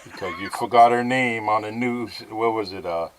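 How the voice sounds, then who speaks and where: A man's voice: on the low side, moderate pace, noisy background. A man hosting a casual podcast interview, encouraging his guest with frequent short affirmations. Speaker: podcast host.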